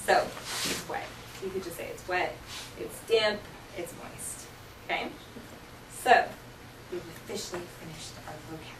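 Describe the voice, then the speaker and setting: A woman's voice: lowish voice, normal speed, long pauses. A woman teaches a classroom full of students, walking them through vocabulary with patient explanations and frequent "okay?" checks. Her voice is picked up from a distance in a roomy, echoing classroom. A faint hiss of background noise runs underneath. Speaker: sign language teacher.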